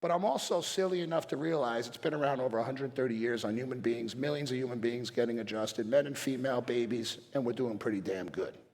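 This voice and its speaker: Gravelly, passionate man in a reverberant hall. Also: mid-range voice, fast talker, hardly any pauses, a little hiss or hum. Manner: blunt, passionate, swings between quiet and forceful. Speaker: chiropractic speaker. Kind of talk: motivational stage talk.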